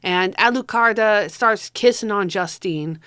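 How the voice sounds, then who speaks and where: A woman's voice: mid-range voice, unhurried, fairly bright tone, clear, resonant tone, no room sound, clean studio sound. A woman giving a casual spoken movie review, chatty and profane, often tossing in "you know".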